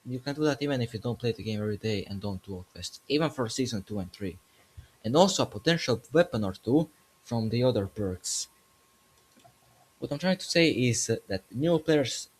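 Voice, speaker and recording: A man's voice: lowish voice, slightly rough. A man making a casual gaming commentary video, joking as he goes and correcting himself mid-sentence.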